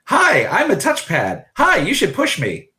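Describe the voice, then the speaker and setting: A man's voice: sits high, huge pitch swings, a little slow, reverberant, a crowd in the background, pitched above the performer's own voice, exaggerated voice. A man voicing an eager, childlike talking touchpad that beeps and boops in a sing-song way. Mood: chirpy.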